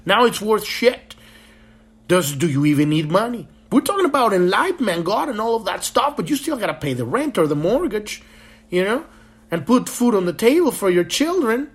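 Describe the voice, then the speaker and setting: A man's voice: high-pitched, very animated, a little fast, slightly rough. A man hosting a spiritual podcast, talking in a passionate, rambling monologue full of swearing. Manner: profane, impassioned and rambling. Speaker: podcast host.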